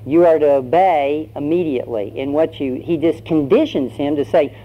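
A pastor preaching, telling a story in a conversational way with fillers. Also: male voice, a little high, normal speed, hardly any pauses. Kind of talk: sermon with storytelling. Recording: dull lo-fi sermon recording, faint hum.

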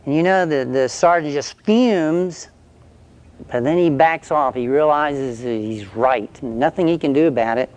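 A man's voice: on the high side, measured pace, a little mellow. A male preacher telling an illustration story in a conversational sermon, then leading a prayer.

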